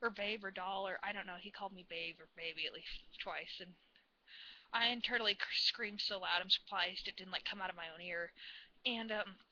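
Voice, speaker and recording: A woman telling a story in a casual vlog, rambling and gushing like an excited fan. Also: medium pitch, fairly quick, dull audio, noisy background. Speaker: vlogger.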